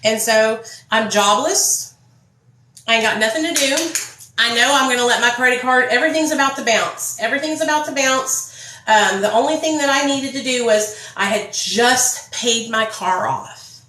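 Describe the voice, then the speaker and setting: A woman's voice: fairly high pitch, a little slow, bright, forceful tone, reverberant, slight background noise, low-quality recording. A woman telling her own story to viewers in a casual, blunt, profane vlog. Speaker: vlogger.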